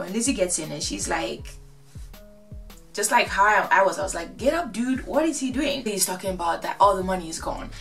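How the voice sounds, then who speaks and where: A woman recapping a reality show in a casual, gossipy, animated way. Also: medium pitch, far from the mic. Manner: gossipy, animated, acts out quotes.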